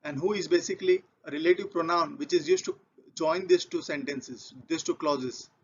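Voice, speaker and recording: An English grammar teacher explains grammar over slides in a fairly high, dull-sounding voice at a moderate pace. He is repetitive and methodical, leaning on example sentences, and the lo-fi recording carries a little hiss or hum.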